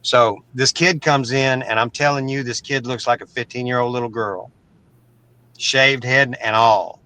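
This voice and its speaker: A man's voice: mid-range voice, fairly even intonation, a little slow, pushed and bright, poor audio. A middle-aged man from Oklahoma, a guest telling a story in a casual, blunt, profane way, often stumbling and repeating words. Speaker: interview guest.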